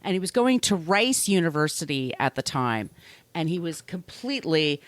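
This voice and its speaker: A woman's voice: low voice, big pitch swings, normal speed, dry recording. A middle-aged woman co-hosting a podcast, telling a story in a chatty, profane way and often restarting her sentences. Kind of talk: casual storytelling chat.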